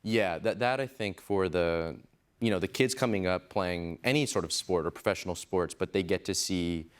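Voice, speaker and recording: A man's voice: deep voice, normal speed, clean tone. A young man, an actor guest on a late-night talk show, laid-back and giggly, full of likes and ums. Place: television studio with audience.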